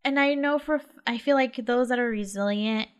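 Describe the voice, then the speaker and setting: Young woman from the LA area, podcast cohost, slightly high voice, loose chatty talk full of likes and ums. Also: fairly quick, clean tone. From Los Angeles area, California. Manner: chatty, lots of "like" and "um" fillers. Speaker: podcast co-host. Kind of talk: casual chat.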